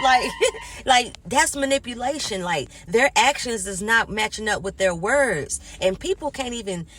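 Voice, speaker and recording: A woman's voice: medium pitch, a little hiss or hum. A woman vlogger in a casual motivational monologue, speaking emphatically and acting out what other people say. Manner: emphatic, acts out quoted people in animated asides.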